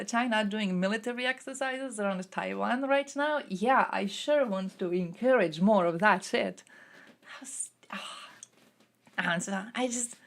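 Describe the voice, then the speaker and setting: A woman streamer ranting angrily and sarcastically, swearing often, in casual live-stream commentary. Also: medium pitch.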